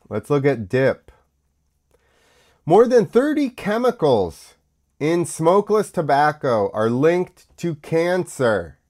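Slow-talking American man with a cough. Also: mid-range voice, a little mellow. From United States. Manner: rambling, with many fillers and restarts. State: coughing, sick. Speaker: podcast host. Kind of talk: casual solo talk show.

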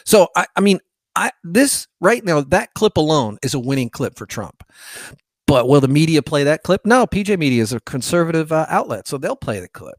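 Man, podcast host, political commentary, frustrated, hesitant, slightly high, dry. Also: very animated, normal speed, dry recording.

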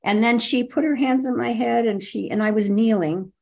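A woman's voice: a little high, gravelly, a little mellow. An older woman, a podcast guest, telling a personal story in vivid detail and stretching out her emphatic words. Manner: vivid, repetitive description with drawn-out emphasis.

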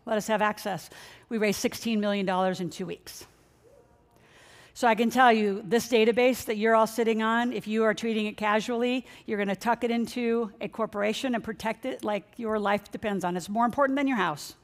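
A middle-aged woman, a financial coach, giving an energetic motivational seminar talk and speaking straight to her audience. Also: a little high, brisk. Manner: energetic, excitable, addresses the audience directly. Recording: long hall reverb.

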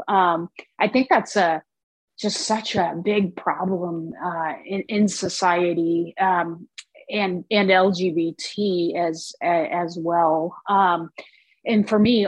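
A woman guest in a conversation, speaking reflectively and haltingly with many repeated words. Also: on the low side, slightly rough, no room sound, rough recording. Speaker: interview guest. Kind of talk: casual conversational interview.

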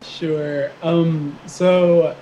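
Relaxed young adult guest chatting casually. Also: mid-range voice, drawn-out words, a little hiss or hum, low-quality recording. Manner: relaxed, chatty, laughs often. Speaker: podcast guest. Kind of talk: casual chat.

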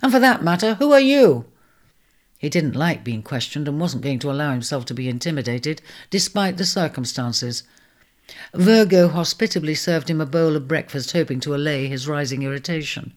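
Woman narrator, lowish voice, measured storybook reading.

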